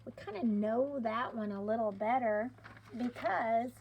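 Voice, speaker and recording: A middle-aged woman teaching a phonics lesson, sounding out letters and stretching words clearly in an encouraging classroom manner. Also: on the high side, measured pace, muffled recording, slight background noise. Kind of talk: slow, deliberate classroom instruction.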